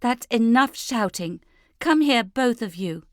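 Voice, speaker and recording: A woman's voice: a little high, animated, slow, dry recording, studio quality, pitched above the performer's own voice. A woman reading an audiobook, voicing a flustered middle-aged mother who speaks urgently and firmly. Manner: urgent, commanding.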